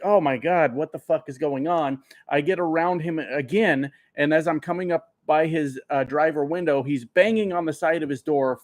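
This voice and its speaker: A man who drives trucks chatting casually with viewers, rambling and swearing, a bit tipsy from beers. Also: fairly high pitch. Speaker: trucker streamer. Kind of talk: casual live chat answering viewers.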